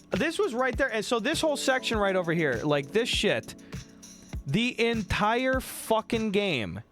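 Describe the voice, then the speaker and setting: A man hosts a livestream, chatting casually with a high voice that swings widely in pitch. He tells stories in an excitable, profane rush. Music plays clearly behind him. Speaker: livestream host. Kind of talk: casual chat. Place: home streaming room.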